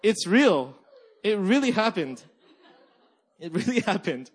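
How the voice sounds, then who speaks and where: A young male pastor delivers a sermon in a slightly high voice. He talks in a loose, animated way, leaning on "right?" and "like" to pull the congregation along. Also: slow pace, slightly rough. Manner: animated storytelling, frequent "right?" and "like".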